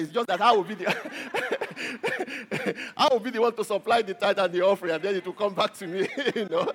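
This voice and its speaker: A middle-aged man, a pastor, preaching a sermon in a halting way, repeating words and laughing often. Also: high-pitched, a bit bright. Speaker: pastor and doctor.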